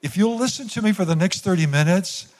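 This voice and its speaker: A pastor with a high, animated, darkish voice preaches briskly to his congregation in the church sanctuary, with a long reverb tail. He uses call-and-response, asking them to repeat lines after him.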